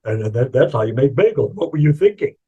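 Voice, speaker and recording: A man voicing a farmer and baker who calmly explains his work, a bit impatient. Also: medium pitch, fast, slightly rough, recorded from a distance, narrow, tinny audio. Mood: matter-of-fact. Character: matter-of-fact farmer and baker.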